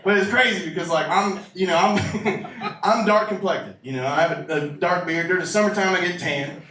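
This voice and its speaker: A man's voice: sits high, brisk, bright, forceful tone. Brash, profane man doing stand-up. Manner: profane, brash, riffing with the crowd. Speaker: stand-up comedian. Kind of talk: stand-up comedy set. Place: comedy club stage. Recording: roomy live club recording from a distance. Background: audience laughter and room ambience.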